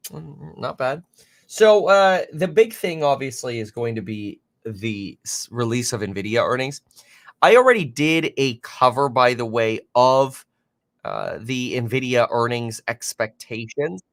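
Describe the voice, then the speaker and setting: A finance livestream host, a man with a medium-pitched, expressive voice, speaks a little slowly as he comments on the market live. He talks off the cuff, reacting to headlines and viewer comments with lots of fillers and self-corrections. The recording is dry and clean, with studio sound.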